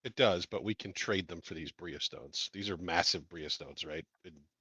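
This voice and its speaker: A man's voice: sits low, normal speed, sharp tone, breathy edge, no echo. A man playing in a tabletop game, talking casually and playfully. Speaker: player.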